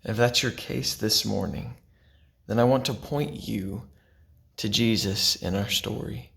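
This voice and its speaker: Gravelly-voiced man giving a gentle devotion. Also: lowish voice. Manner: gentle, unhurried, drops to a hush for quiet lines. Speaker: pastor. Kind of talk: devotional sermon to camera.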